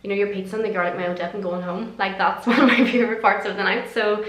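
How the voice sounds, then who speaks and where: Young woman vlogger, mid-pitched, rambling chatty delivery, recorded in a roomy space. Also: fairly even intonation, fast talker, fairly bright tone. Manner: chatty, rambling, frequent laughs and swearing. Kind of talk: casual chat answering questions. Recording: roomy echo.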